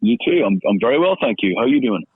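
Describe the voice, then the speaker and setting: A man's voice: medium pitch, very animated, very fast, slightly rough, no room sound. A man from Northern Ireland with a Northern Irish accent, a musician chatting affably as a guest in a phone interview. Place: Los Angeles, calling in. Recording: tinny phone line.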